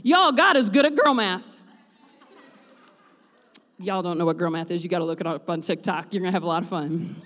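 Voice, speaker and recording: A woman pastor preaching a sermon in a church, swinging from chatty, joking asides into loud, rhythmic preaching. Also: medium pitch. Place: church sanctuary. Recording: long reverb of a large hall.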